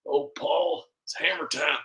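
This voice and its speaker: A man's voice: on the high side, a little slow, bright, forceful tone. A man doing an impression of a boastful, lecherous older ex-president with a folksy drawl.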